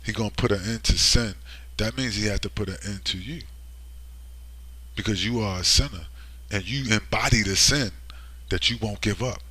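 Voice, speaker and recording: A man's voice: lowish voice, moderate pace, long pauses, pushed and bright, breathy edge. A man delivering a preachy vlog monologue with emphasis, often asking "right?" as he speaks. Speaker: online commentator.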